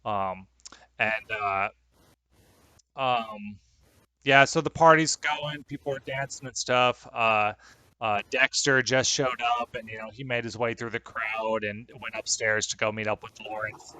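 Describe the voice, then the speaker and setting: A man's voice: on the low side, fairly even intonation, measured pace, sharp tone. A man acting as game master, explaining the scene in a loose, chatty way with fillers. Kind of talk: narrating a tabletop game.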